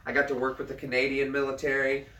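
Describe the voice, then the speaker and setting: A man in his thirties, a military veteran, chatting casually on a livestream, earnest and halting, often repeating himself as he restarts a thought. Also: medium pitch, completely flat delivery, sharp tone. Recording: roomy sound, mic at a distance.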